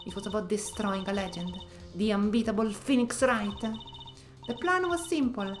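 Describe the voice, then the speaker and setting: A woman voicing a cool, scheming female card dealer on the witness stand, in a calm, low, matter-of-fact manner. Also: moderate pace, faint music behind, lightly acted. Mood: sly.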